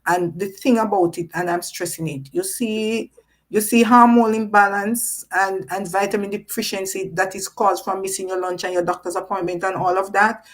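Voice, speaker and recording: A woman's voice: mid-range voice, steady tone, moderate pace, low-quality recording. A woman hosting a live-streamed panel talk, stressing key points by repeating them and reading out viewer comments. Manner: reads out viewer chat comments. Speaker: host.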